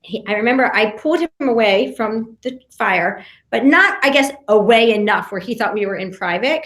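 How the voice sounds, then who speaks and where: A woman guest on a podcast, telling a story in an animated way, with many restarts and acted-out quotes. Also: medium pitch, roomy sound. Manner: talks fast with many restarts and fillers, acts out quotes. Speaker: podcast guest, reality show contestant.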